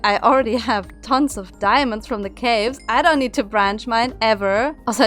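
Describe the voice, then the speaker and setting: A woman's voice: fairly high pitch, clear, resonant tone. Playful young woman narrating her game. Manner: playful, chatty and self-mocking. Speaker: Minecraft YouTuber. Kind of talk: game voice-over commentary.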